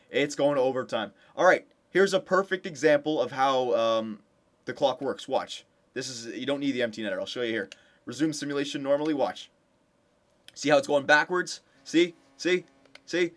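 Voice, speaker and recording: Young male gameplay commentator, eager and chatty, swings between hyped cheering and low muttering. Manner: excited cheering for his team. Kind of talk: casual video game commentary.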